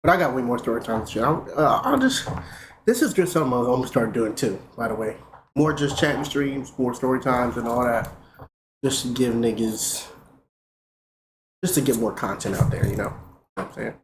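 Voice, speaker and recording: A young man streaming, casually telling a profane, animated story. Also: medium pitch, moderate pace. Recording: roomy with faint noise.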